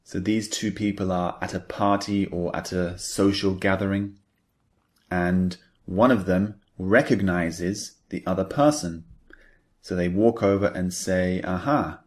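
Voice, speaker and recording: A man's voice: deep voice, fairly even intonation, unhurried, a little mellow. A man teaching an English lesson, patiently explaining phrases and repeating example sentences with emphasis.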